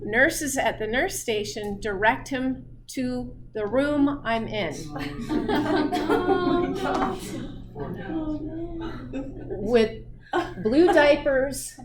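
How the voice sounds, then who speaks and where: Over a loud crowd, a middle-aged woman gives a chatty physiology lecture full of personal anecdotes and frequent laughter. Her high voice has lively intonation, drawn-out words and frequent pauses.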